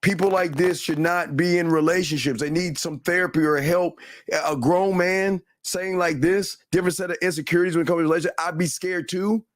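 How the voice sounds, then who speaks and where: A man's voice: fairly high pitch, steady tone, a little fast, no echo, clean studio sound. A man hosting a show, giving heated, blunt and profane commentary in a ranting, repetitive way. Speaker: host.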